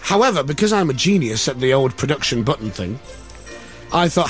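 A man's voice: mid-range voice, very animated, a little fast, soft background music. A man hosting a breakfast radio show, jokey and self-mocking, explaining studio trouble. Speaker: radio host.

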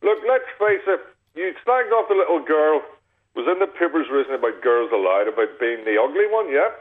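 A man's voice: fairly high pitch, big pitch swings, fairly quick. A man calling in who needles and argues with a guest. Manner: needling, argumentative. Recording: tinny phone line.

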